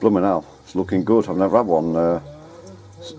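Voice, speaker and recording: A deep, dark-toned male voice moves fairly quickly in this casual running commentary, recorded on a handheld camera mic. The radio hobbyist vlogger rambles outdoors at home, climbing ladders and working in the garden, and corrects himself repeatedly.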